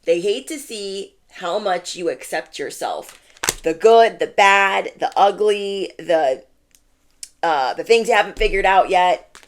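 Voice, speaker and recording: A woman's voice: medium pitch, slow, a little hiss or hum. A woman giving a channeled tarot reading, talking casually and bluntly and repeating her points for emphasis. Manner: emphatic and repetitive, lots of "like". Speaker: tarot reader.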